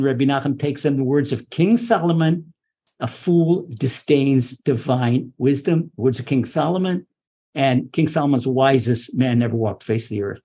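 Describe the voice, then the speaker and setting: A man with a somewhat high, husky voice teaches a religious lesson. He speaks with passion and energy, and he often repeats words and starts his sentences over. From Israel. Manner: impassioned, animated, repeats words and restarts. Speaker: rabbi teaching Torah.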